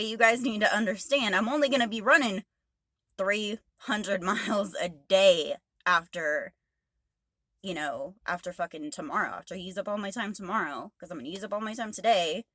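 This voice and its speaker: A woman's voice: medium pitch, sharp tone, no room sound. A woman truck driver ranting angrily to camera, swearing heavily and exasperated. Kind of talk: angry rant to camera.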